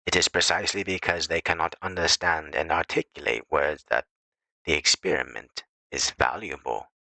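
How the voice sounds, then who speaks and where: A man reading an essay aloud as an audiobook narrator, in a measured, deliberate way. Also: a bass voice, creaky, bright, forceful tone, no room sound, low-quality recording. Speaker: audiobook reader.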